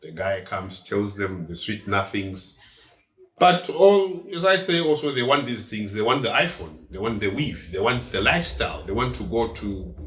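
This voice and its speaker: A man's voice: on the low side, sing-song, moderate pace, fairly bright tone. A man with a South African accent, co-hosting a podcast and giving his views in an emphatic casual chat with punchy asides. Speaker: podcast co-host. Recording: echoey room.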